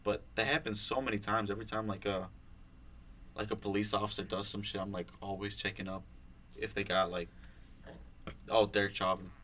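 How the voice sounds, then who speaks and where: A man's voice: fairly low pitch, level tone, fairly quick, long pauses, bright, forceful tone, slight background noise. A young man co-hosting a podcast, chatting casually, rambling with lots of fillers and swearing. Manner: rambling, swears a lot, many fillers and restarts. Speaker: podcast co-host. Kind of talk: casual chat.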